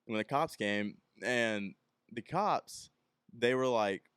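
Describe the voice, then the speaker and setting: A man's voice: mid-range voice, slow, a bit bright, clean tone, no room sound, studio quality. A young man from Texas hosting a podcast, telling a rambling story and acting out the people in it. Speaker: podcast host. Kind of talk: casual solo podcast storytelling.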